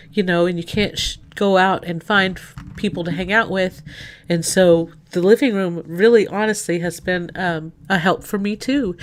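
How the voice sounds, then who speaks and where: A middle-aged woman hosting a livestream, tearful and rambling as she chats warmly with her viewers. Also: medium pitch. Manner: tearful, rambling, full of restarts and laughs. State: crying. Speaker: livestream host. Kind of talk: emotional casual chat to a live audience.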